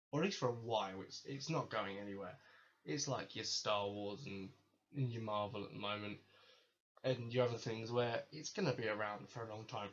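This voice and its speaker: A podcast host with a fairly low, slightly bright voice rambles through a casual solo monologue, enthusiastic and constantly correcting himself. The recording comes from a slightly dull lo-fi mic with faint hiss.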